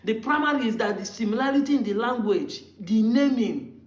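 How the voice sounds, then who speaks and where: A man's voice: very high-pitched, lively intonation, brisk. A Nigerian man giving impassioned commentary, arguing hard and firing rhetorical questions at his critics. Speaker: political commentator. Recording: roomy, dull lo-fi recording.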